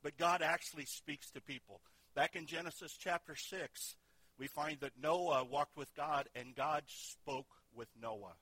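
A middle-aged male pastor delivers a sermon in a bright, sharp-edged voice that sits a little high for a man. His delivery is conversational, and he often turns to the congregation with questions. The sound is dry and close, with no room echo. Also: unhurried, slightly rough.

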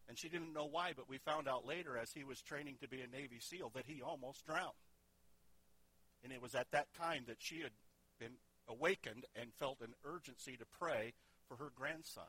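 A man's voice: mid-range voice, normal speed, long pauses, bright, forceful tone, breathy edge. A middle-aged man preaching a sermon as pastor, in a conversational way that often asks the congregation questions.

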